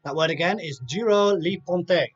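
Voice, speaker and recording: High-voiced man hosting a live quiz. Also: normal speed. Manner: reads multiple-choice options with chatty asides. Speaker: quiz host. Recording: dull lo-fi sound with faint music.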